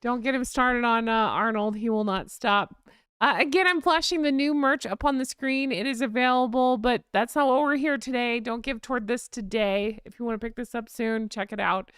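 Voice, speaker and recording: A woman's voice: fairly high pitch, moderate pace, a bit bright, smooth, no echo, studio quality. An American woman hosting a casual live chat stream, chatting and reading out viewer comments. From United States. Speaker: livestream host.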